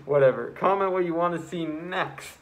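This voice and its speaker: A fairly high-pitched man talks through a casual vlog while he builds a card house. He gets excitable and rambling and keeps cutting in with self-mocking asides. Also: normal speed. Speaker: vlogger.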